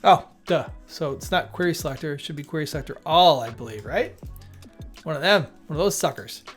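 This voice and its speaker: A man's voice: a little high, fairly quick, faint music behind. A man hosting a live coding stream, thinking aloud as he works, muttering to himself and tossing off jokey asides.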